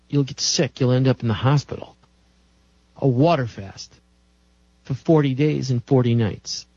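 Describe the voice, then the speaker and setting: Preachy guy lecturing on health, slow and swooping, chants lists, dull dry sound. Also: a little high, mellow, slightly rough, dry recording.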